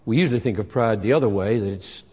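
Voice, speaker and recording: A man preaching a sermon, emphatic and expressive, often acting out the voices in the passages he reads. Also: fairly low pitch, fast, long reverb tail.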